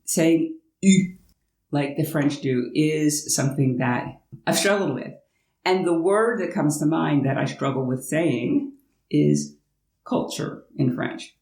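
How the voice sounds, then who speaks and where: In a casual talking-head vlog, a low-voiced American woman speaks from her French home as a language-learning vlogger, chatty and full of playful asides. She talks a little slowly, with a darkish tone, and the roomy recording is of poor quality.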